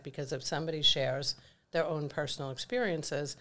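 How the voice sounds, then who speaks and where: A woman's voice: low-pitched, fairly quick, fairly bright tone. A middle-aged woman co-hosting a podcast, talking candidly and reflectively in casual chat. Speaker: podcast co-host.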